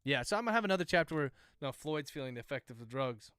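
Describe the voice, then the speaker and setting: Very fast and expressive, a man with a fairly high, fairly bright, smooth voice dictates his novel on a livestream. As an author, he speaks every comma and period aloud, then chats loosely with viewers between passages. The recording is dry.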